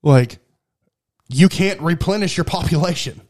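A man with a slightly high, somewhat mellow voice co-hosts a podcast at a measured pace. The chat is casual and profane, and he's crude and sarcastic as he tells stories.

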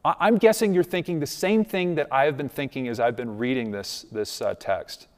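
A man's voice: mid-range voice, moderate pace. A man preaching a sermon as a pastor, in a conversational way, checking in with the congregation. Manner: conversational, asks the congregation "right?". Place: church sanctuary. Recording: long reverb of a large hall.

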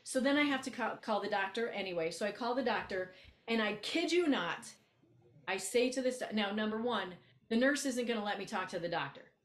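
A woman co-hosting a podcast, telling a story in casual chat, blunt and animated, acting out both sides of a conversation. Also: medium pitch, fairly quick, roomy sound. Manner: animated, blunt, acts out quoted exchanges. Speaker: podcast co-host, coach.

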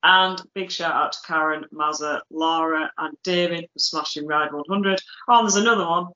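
Podcast co-host, bright tense voice, roomy echo, dull sound. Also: mid-range voice, moderate pace. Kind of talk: casual chat reading shout-outs.

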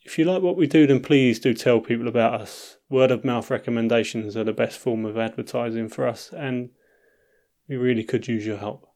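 A man's voice: medium pitch, normal speed, darkish tone. A man hosting a poetry podcast, reading the introduction and sign-up notes in a friendly, conversational way. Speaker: podcast host. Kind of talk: scripted show intro.

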